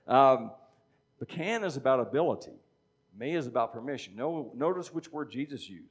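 A man's voice: mid-range voice, lively intonation, normal speed, slightly rough. A middle-aged man preaching a sermon in a conversational teaching style, often checking in with "okay?". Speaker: pastor.

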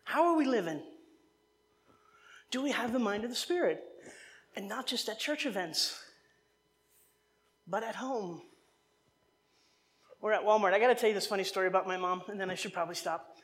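Lively, conversational woman preacher. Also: medium pitch, moderate pace, pauses often. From New Jersey, US. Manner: animated, conversational, digressive with humor. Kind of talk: sermon.

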